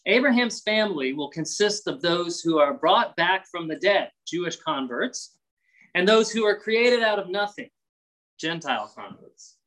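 A male pastor delivers an expository sermon, moving from reading verses to explaining them in a relaxed, conversational tone. Now and then he briefly acts out the voices of people in his examples. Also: sits high, unhurried, low-quality recording. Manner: conversational preaching with acted-out voices.

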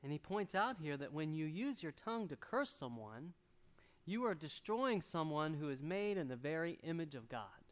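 A middle-aged man preaching a sermon, animated and storytelling, acting out little voices as he goes. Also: fairly high pitch, normal speed. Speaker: pastor.

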